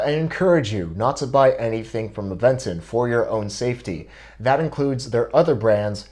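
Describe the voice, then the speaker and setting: A young man hosting a bike video, laying out a scripted argument step by step in a measured, deliberate way. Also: medium pitch, a little mellow.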